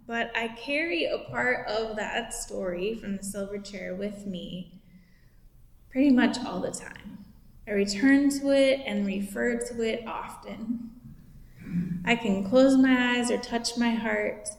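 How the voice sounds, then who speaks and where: A woman minister giving a gentle, slow sermon and reading a story aloud. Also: medium pitch, gravelly. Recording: echoey hall.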